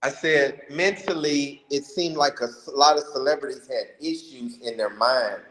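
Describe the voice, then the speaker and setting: Storytelling man on an echoey call. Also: moderate pace. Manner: animated, rises to high voices when quoting. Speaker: guest telling a story. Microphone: video call.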